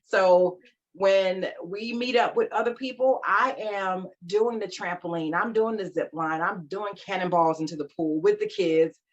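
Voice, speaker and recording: A woman in her forties, a life coach, talking about her life as a podcast guest, animated and emphatic. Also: on the low side. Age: 40s. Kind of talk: casual interview chat. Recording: slightly dull lo-fi sound.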